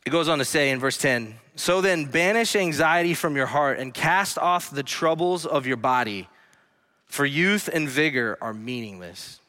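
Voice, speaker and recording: A man pastor preaching a sermon in a church, earnestly swinging between hushed lines and emphatic ones. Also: fairly high pitch, lively intonation, moderate pace. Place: church sanctuary. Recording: long hall reverb.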